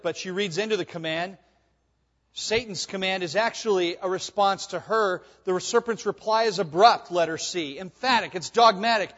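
A male pastor preaching a sermon in a church sanctuary, swinging between hushed and emphatic delivery. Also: high-pitched. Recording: dull sound with long hall reverb.

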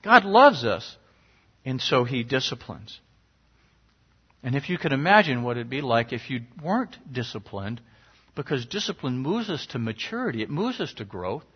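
In a dull lo-fi recording, a middle-aged pastor preaches with a slightly rough mid-range voice, very animated at a moderate pace. His sermon is earnest and conversational, sometimes rising sharply for emphasis.

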